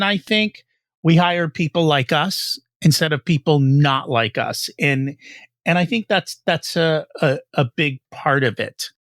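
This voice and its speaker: A man hosts a business podcast, his voice slightly high and recorded close and dry. He reflects and asks his questions in a measured, conversational way. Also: a bit bright, dry recording. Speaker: podcast host. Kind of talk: conversational interview.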